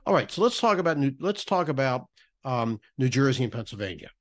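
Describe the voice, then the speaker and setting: A man's voice: medium pitch, very animated, brisk. A man on a podcast explaining retirement tax rules, often restarting and repeating words as he goes. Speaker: podcast guest, federal benefits writer.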